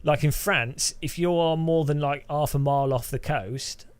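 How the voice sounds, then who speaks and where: A man's voice: a little high, moderate pace, smooth. A man talks to his live-stream chat while playing a game. He rambles, restarts sentences often, and laughs a lot. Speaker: gaming streamer.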